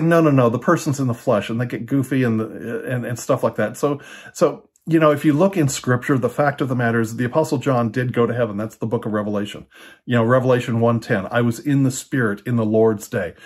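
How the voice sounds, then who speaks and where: Husky older man teaching casually. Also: mid-range voice. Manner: relaxed, repeats words, many fillers. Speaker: teacher of a church ministry. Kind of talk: casual unscripted teaching talk.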